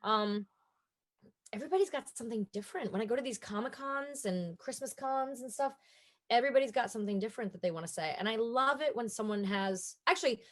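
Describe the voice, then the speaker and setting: A woman in her forties with an American accent, a guest actor in a casual interview, chatting and telling stories with lively quoted asides. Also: fast. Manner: chatty storyteller, acts out quotes in higher voices.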